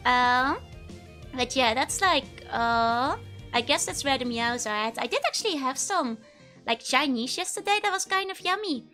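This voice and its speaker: A woman's voice: sits high, animated, moderate pace, bright, forceful tone, soft background music. A woman, chatting casually with viewers on a live stream, giggling often while her voice is still recovering from illness. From Netherlands. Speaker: VTuber streamer.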